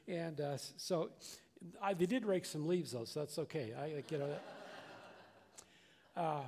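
A man's voice: on the high side, takes it slowly, darkish tone. An older man preaching a conversational sermon as a pastor, earnest and plainspoken, often restarting and repeating words.

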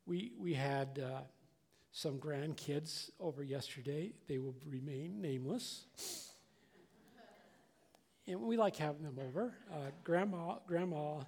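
A man's voice: on the high side, vocal fry, darkish tone. An older man preaching a conversational sermon as a pastor, earnest and plainspoken, often restarting and repeating words.

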